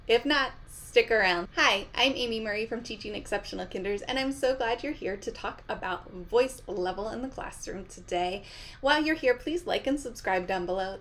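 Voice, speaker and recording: A middle-aged woman teacher talks to camera with an upbeat, chatty warmth of manner. Her voice sits at an ordinary middle pitch for a woman. She keeps checking in with her listeners as she explains her classroom routines. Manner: upbeat and chatty, often asks "right?". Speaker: kindergarten teacher giving classroom tips. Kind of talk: friendly teaching talk to camera.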